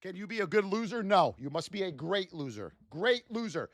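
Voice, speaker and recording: A man's voice: high-pitched, very animated, moderate pace, dry recording. A man teaching a live trading class, speaking animatedly to his chat and acting out traders' frustrated self-talk. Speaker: trading instructor.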